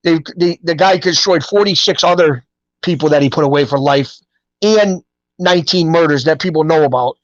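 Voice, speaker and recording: A middle-aged New man talks as a guest in a loose, rambling way, animated and full of street-style grammar. His voice sits a bit high for a man. The audio is dull, lo-fi and dry. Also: normal speed, dry recording. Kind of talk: casual storytelling interview.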